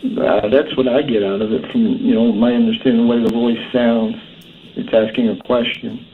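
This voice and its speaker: A man with a mid-pitched voice explains calmly and in a measured way. His voice comes through thin and phone-like with faint background hiss. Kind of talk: casual chat. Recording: tinny phone-like line with faint noise.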